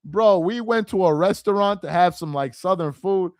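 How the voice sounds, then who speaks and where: A man's voice: sits high, moderate pace, no echo, studio quality. A man hosting a casual live stream, chatting animatedly and reacting to viewer comments. He laughs easily and often repeats himself. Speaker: live stream host reading viewer chat.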